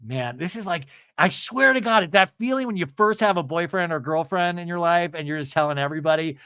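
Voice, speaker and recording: A man's voice: fairly high pitch, a little fast, hardly any pauses, bright, forceful tone, clean tone, dry recording, clean studio sound. A man hosting a comedic TV recap podcast, snarky and mock-dramatic in his delivery. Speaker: podcast host.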